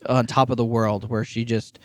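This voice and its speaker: A young man co-hosting a podcast, talking in a relaxed, playful way and laughing often. His voice sits at an ordinary middle pitch. It is recorded close and dry, with no room sound. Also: normal speed, no room sound. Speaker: podcast co-host. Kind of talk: casual chat.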